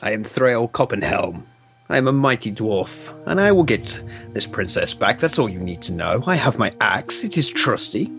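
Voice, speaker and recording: A man doing a gruff boastful dwarf warrior. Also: lowish voice, big pitch swings, normal speed, a bit bright, soft background music. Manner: blunt, curt boasting.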